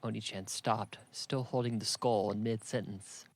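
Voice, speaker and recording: A man's voice: on the low side, steady tone, a little slow, no echo. Dry, close male audiobook narrator. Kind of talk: scripted narration.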